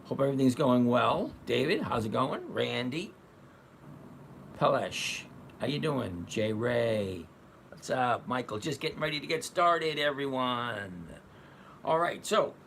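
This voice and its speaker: A chatty man hosting a casual live stream, greeting viewers by name as they arrive. His voice has a gravelly, creaky texture. A faint hiss sits behind him. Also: mid-range voice, fairly bright tone. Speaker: livestream host.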